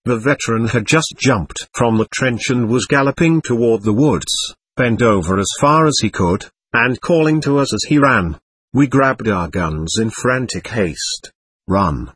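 A man's voice: mid-range voice, expressive, unhurried, a bit bright, breathy edge, dry recording. A man narrating a war memoir in the first person, in a vivid, dramatic audiobook reading.

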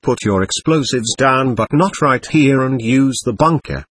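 A man voicing a blunt, matter-of-fact soldier on lookout duty, with a husky voice. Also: mid-range voice, animated, measured pace, fairly bright tone, no room sound.

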